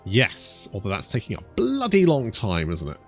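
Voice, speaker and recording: A man's voice: fairly low pitch, huge pitch swings, normal speed, faint music behind. A British man casually commentating a strategy game, chatty and rambling with joking asides. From Britain. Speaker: gaming YouTuber. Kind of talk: casual let's-play commentary.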